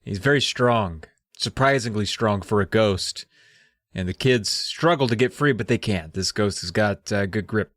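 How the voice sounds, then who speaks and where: A man's voice: on the low side, normal speed, a bit bright, no echo, clean studio sound. A man co-hosting a comedy podcast, recapping a story with wry jokes. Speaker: podcast co-host. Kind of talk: comic book recap.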